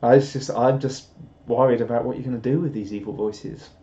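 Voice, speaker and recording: A young Englishman rambles through a casual live stream chat, reading viewer comments and poking fun at himself. His voice is mellow and a little dark. The sound is roomy and slightly dull, like a home setup. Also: medium pitch, steady tone, brisk. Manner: rambling and self-deprecating, with chuckles.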